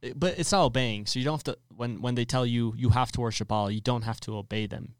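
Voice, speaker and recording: A young male host walks his friends through a casual faith discussion, explaining points in an earnest, steady way. His voice is smooth and clear, and it sits at an ordinary middle pitch in a dry, close-miked sound. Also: fast talker, no echo.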